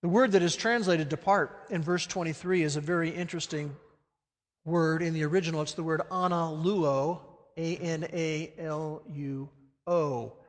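High-voiced man preaching in a big hall. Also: normal speed. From Alabama. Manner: animated, swings from loud emphatic peaks to hushed low phrases. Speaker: pastor. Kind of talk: sermon.

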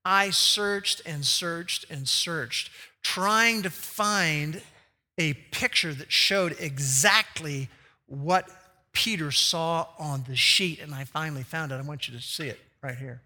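A male pastor preaching a sermon in a large hall with a long, ringing reverb. His voice is high-pitched and piercingly bright, and he acts out the quoted lines with big leaps in pitch. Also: slow pace.

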